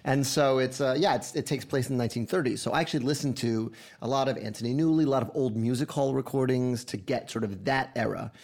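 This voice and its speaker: Gravelly man telling animated stories. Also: mid-range voice, quick pace, few pauses. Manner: animated storyteller. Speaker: guest. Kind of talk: casual chat over brunch. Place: house kitchen.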